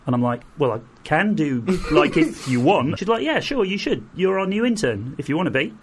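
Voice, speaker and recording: A middle-aged man, a guest, telling lively anecdotes and acting out the people in them. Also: fairly high pitch, fairly quick, slight background noise. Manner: animated anecdotes, acts out quoted voices, laughs through. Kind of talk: storytelling in an interview.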